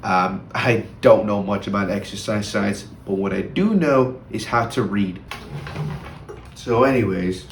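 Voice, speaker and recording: A young man with a somewhat low voice chats about his training in a loose, rambling vlog. He trips over his words and leans on fillers. The sound carries a noticeable room echo. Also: a little slow, slight background noise. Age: young adult. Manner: chatty, rambling, with many fillers and restarts. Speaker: fitness vlogger. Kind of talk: casual fitness vlog.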